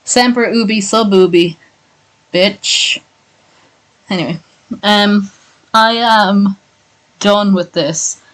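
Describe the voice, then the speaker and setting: Woman streamer, tired and sore-voiced, slow and profane in casual chat. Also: medium pitch, a bit bright, low-quality recording. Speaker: streamer reading a story.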